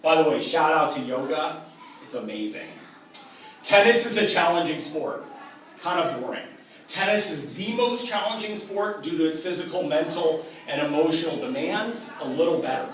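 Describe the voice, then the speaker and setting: A man teaching with an upbeat, emphatic delivery, his voice a little higher than most. He is recorded from some distance in a strongly echoing room, with faint ambience underneath. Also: lively intonation, moderate pace, a bit bright, slight background noise. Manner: upbeat, emphatic, contrasts weak and strong examples. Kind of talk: explanatory lecture.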